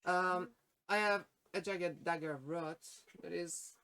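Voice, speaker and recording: A woman runs a tabletop role-playing session as its game master, her voice sitting a little low. She talks in a hesitant, halting way and pauses often on fillers. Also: fairly even intonation, a crowd in the background, rough recording. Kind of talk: narrating a tabletop game, voicing a shopkeeper.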